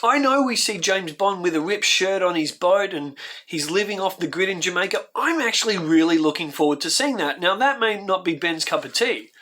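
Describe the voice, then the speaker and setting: Speaking at a normal speed in a high, animated, sharp-toned voice, an Australian YouTube host rants through heartfelt reaction commentary on his channel. He keeps repeating himself and circling back, and his emotions rise as he talks.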